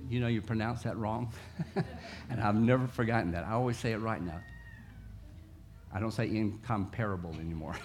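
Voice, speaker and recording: A man's voice: mid-range voice, a little hiss or hum. A man preaching a sermon in a conversational way, sometimes acting out coaxing voices. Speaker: pastor.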